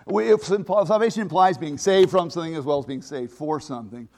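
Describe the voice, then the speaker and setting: A man preaching a sermon, emphatic, swinging between loud exclamations and quiet asides. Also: a little high, brisk, hardly any pauses.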